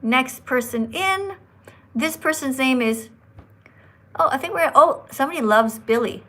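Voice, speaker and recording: A woman's voice: high-pitched, lively intonation, a little slow, a bit bright. A woman hosting a live stream with callers, talking like a schoolteacher who instructs and scolds. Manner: says her own voice is annoying. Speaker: livestream host.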